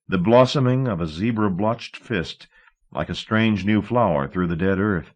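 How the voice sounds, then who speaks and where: Deep-voiced male audiobook narrator. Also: lo-fi sound.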